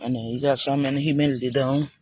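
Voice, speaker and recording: A man's voice: mid-range voice, level tone, fast talker, a little mellow, slight background noise. A man giving a casual, chatty walk-through of his garden for viewers, talking loosely and calling them y'all. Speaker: gardening vlogger. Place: outdoor garden.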